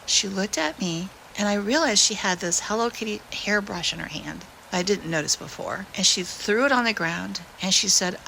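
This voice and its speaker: A woman narrating a painful personal story, softly and with emotion, sometimes sinking to a whisper. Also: mid-range voice, expressive, a little fast, creaky, hardly any pauses, slight background noise, low-quality recording. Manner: soft, emotional, often drops to a whisper.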